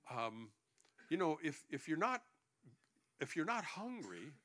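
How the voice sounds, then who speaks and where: Lively joking male preacher. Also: fairly high pitch, measured pace. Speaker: pastor. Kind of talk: sermon.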